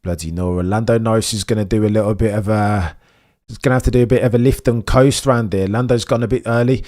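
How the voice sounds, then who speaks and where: A young man hosting a live race watchalong stream, talking straight to his chat, quiet and nervous one moment, loud and excited the next. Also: on the low side, fast talker. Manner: chatty, talks straight to his viewers; swings from hushed nervous mumbling to loud excited shouting. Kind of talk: live sports watchalong commentary.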